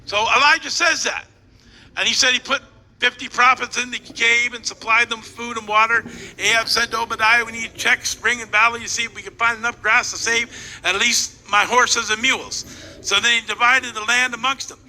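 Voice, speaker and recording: A pastor acts out a scripture story, full of playful asides and quick directions to his helpers. His very high, sharp voice rings through a large hall with a long echo and faint background noise. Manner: animated and playful, directing volunteers and joking with the crowd. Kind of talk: sermon retelling a scripture story. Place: church hall.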